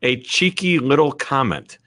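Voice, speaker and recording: Bright, enthusiastic Midwestern man. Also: medium pitch, unhurried, no room sound. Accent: American Midwest. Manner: enthusiastic, animated. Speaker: author and guest speaker. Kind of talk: energetic interview talk. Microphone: video call.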